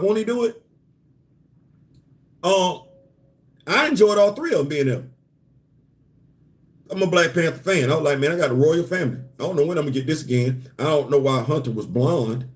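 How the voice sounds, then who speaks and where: Riffing on comics in a fairly high voice, an animated man hosts a comics and culture live show. The solo commentary is casual and conversational, marked by rhetorical questions and words repeated while he builds a point.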